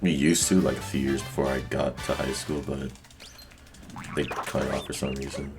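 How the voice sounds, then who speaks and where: A man's voice: very deep voice, little pitch movement, moderate pace. A young man streaming a speedrun, chatting loosely with viewers and filling his talk with "like". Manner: rambling, full of "like" fillers. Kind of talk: casual chat with stream chat. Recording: loud game music behind voice.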